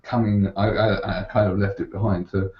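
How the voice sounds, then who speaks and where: A middle-aged man with a low voice hosts a casual interview, his questions unhurried and level in pitch. His audio comes through a muffled online call line with a roomy echo. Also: flat delivery. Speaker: host.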